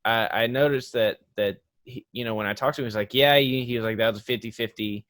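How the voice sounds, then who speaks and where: A man hosting a casual podcast chat, rambling through examples and growing animated when he makes a point. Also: medium pitch, fairly quick, no room sound. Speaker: podcast host.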